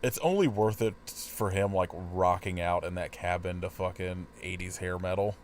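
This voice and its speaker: Very low-voiced man joking casually. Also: normal speed, slight background noise. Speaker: podcast co-host. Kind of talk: casual podcast chat.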